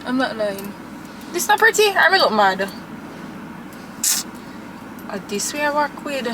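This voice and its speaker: A woman's voice: sits high, big pitch swings, measured pace, background noise. A young woman, chatting and gushing to camera as a vlogger from her car. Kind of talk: casual chat to camera.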